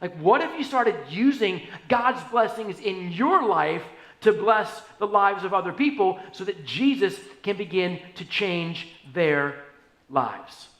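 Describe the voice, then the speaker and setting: Animated pastor in an echoey church. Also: male voice, high-pitched, slow. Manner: animated, wide swings from hushed to loud. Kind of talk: storytelling sermon. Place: church sanctuary.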